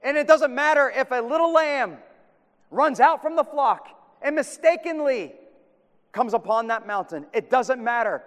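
A man preaching a sermon in a high, light voice that rings out with a long hall reverb. He delivers with drama, pressing hard on key words and then sinking to a hush. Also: lively intonation, unhurried. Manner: dramatic, swings from loud emphasis to hushed awe.

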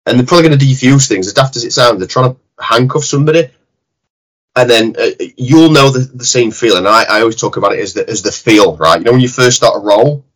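Yorkshire bloke coaching jiu-jitsu, fairly low voice, blunt, swears a fair bit. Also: male voice, fairly bright tone, poor audio. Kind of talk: casual interview chat.

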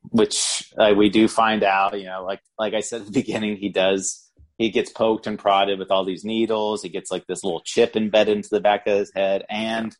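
Male podcast co-host with a lowish voice, rambling, chuckly delivery for a casual film review. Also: level tone, moderate pace. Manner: rambling, laughs while talking. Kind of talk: casual movie review chat.

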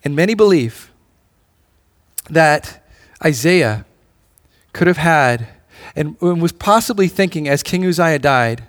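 Male pastor, higher voice, casual sermon delivery with restarts and rising intensity. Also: expressive, takes it slowly, long pauses. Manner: conversational preaching with frequent restarts, rising in intensity.

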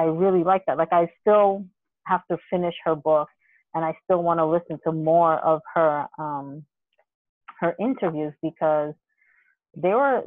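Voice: mid-range voice, no room sound. Casual podcast co-host with a rambling, restart-heavy delivery, heard over a dry, phone-like line. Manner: rambling, animated storytelling with many restarts and occasional swearing.

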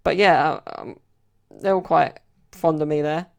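A podcast host working alone tells meandering, casual stories full of filler words. His slightly high voice has vocal fry and moves a little slowly.

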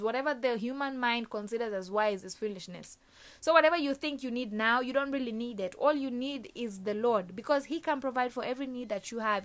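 A woman preaching a sermon in a slightly high voice. She presses her listeners with one rhetorical question after another, in an earnest, exhorting way. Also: fairly bright tone.

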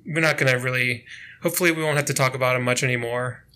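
A man's voice: medium pitch, fairly even intonation, fast talker, pushed and bright. A young man co-hosting a podcast in casual chat, laughing often and rambling with fillers. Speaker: podcast co-host.

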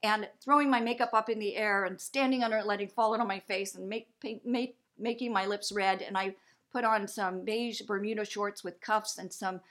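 Animated woman telling a story. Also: normal speed. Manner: lively, acts out quoted voices with big pitch jumps. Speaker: guest.

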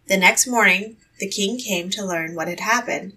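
Female storyteller, bright and breathy, reading a fairy tale from a slight distance. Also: mid-range voice, normal speed. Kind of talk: fairy tale read aloud.

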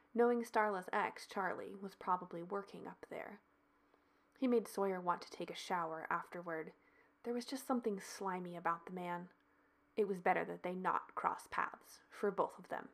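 A woman's voice: mid-range voice, vocal fry. A woman podcast host and author, reading a chapter of her romance story aloud.

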